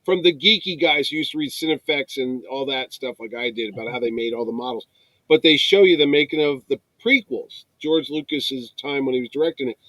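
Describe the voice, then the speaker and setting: A man's voice: mid-range voice, a little fast, a bit bright, dry recording, low-quality recording. A man co-hosting a casual film chat who retells stories with animation and acts out the quotes. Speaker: podcast co-host.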